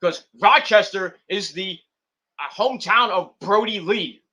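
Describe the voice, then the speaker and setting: High, bright-voiced man rambling. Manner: rambling, acts out scenes with quick put-on voices. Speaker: wrestling stream host. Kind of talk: casual commentary.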